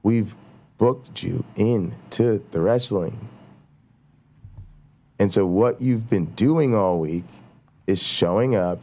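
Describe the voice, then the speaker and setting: A man's voice: fairly low pitch, takes it slowly, long pauses, mellow. A man hosting his own talk show, ranting in a heated, repetitive way, restarting sentences and acting out mock quotes. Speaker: show host.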